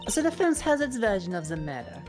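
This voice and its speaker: A woman's voice: medium pitch, very animated, fairly quick, music in the background, close to an everyday voice. A woman playing a curt, haughty prosecutor. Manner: curt and condescending. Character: haughty young female prosecutor. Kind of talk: fan voice read of a game.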